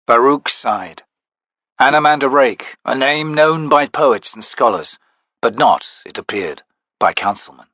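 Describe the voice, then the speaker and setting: A man narrating a fantasy audiobook with expressive storytelling. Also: mid-range voice, normal speed, slightly rough, no echo.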